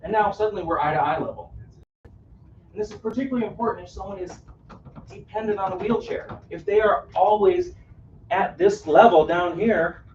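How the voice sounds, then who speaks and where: A man's voice: high-pitched, normal speed, a little mellow. Man, workshop presenter, engaging, asks the room questions, dull distant recording, faint background noise. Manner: engaging, asks the audience questions, frequent "right?". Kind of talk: live interactive workshop talk. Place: room on a cruise ship, live audience. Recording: roomy, distant, dull audio.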